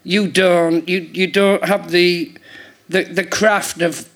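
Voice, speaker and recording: A man's voice: sits high, little pitch movement, takes it slowly, a bit bright. A man telling rambling stories in casual chat on a theatre stage, laughing often. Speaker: guest comedian. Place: theatre stage before a live audience.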